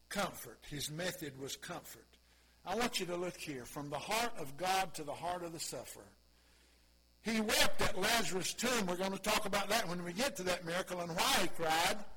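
A man preaching a sermon, impassioned, moving between quiet asides and loud exclamations. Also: high voice, expressive, normal speed, very noisy. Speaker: pastor.

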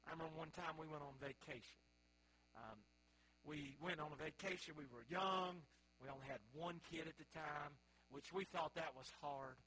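Male pastor, 30s, high husky voice, folksy sermon storyteller. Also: normal speed, bright, forceful tone, rough recording. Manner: folksy, storytelling, calls out to the congregation.

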